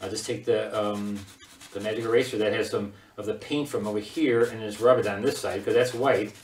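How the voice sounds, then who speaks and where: A man teaching a casual watercolor paint-along, chatty and quick to laugh while he works. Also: fairly low pitch, fairly even intonation, a little hiss or hum. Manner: chatty, laughs often, talks while working. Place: home studio. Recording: echoey room.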